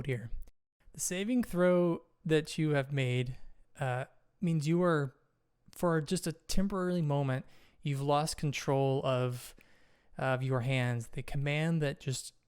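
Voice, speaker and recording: A man running a tabletop game as game master, narrating the action and checking rules in a steady, descriptive way. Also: on the high side, slow, clear, resonant tone.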